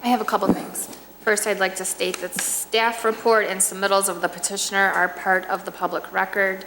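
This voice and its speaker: A woman's voice: medium pitch, level tone, a little fast, sharp tone, long reverb tail, slight background noise, rough recording. A woman on the village staff formally reads notes and corrections for the record, precise and word for word. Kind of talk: formal reading of meeting notes. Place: municipal meeting chamber.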